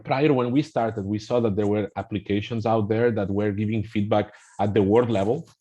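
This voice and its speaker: A man's voice: fairly low pitch, fairly even intonation, normal speed, mellow. A man speaking as a guest in a webinar over a video call, explaining things and repeating words as he starts each thought. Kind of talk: webinar discussion.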